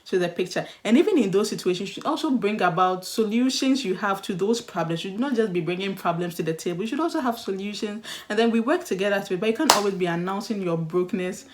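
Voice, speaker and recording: A young woman talks straight to the camera in a relaxed, chatty way, giving dating advice. She is animated and expressive and slips into playful mock voices. Her pitch sits in the middle of the usual range for a woman. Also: fast talker, hardly any pauses, a little hiss or hum. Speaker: vlogger. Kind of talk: casual advice vlog.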